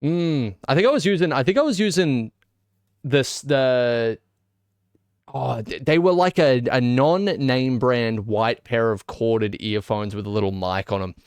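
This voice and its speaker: Chatting casually as he streams a game, an Australian-accented man rambles and jokes with mock indignation. His voice is mid-range, smooth and unhurried, and the recording is dry.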